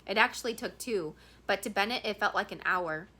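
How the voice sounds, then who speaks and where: Bright-voiced woman reading a novel. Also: mid-range voice, brisk, few pauses. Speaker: audiobook reader.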